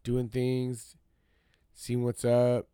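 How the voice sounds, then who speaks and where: A man's voice: medium pitch, monotone, extremely slow, dark tone, clear, resonant tone, no echo, studio quality. A man hosting his own podcast, telling a story as a casual rant, repeating himself for emphasis and talking straight to his listeners. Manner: talks straight to listeners as y'all. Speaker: podcast host.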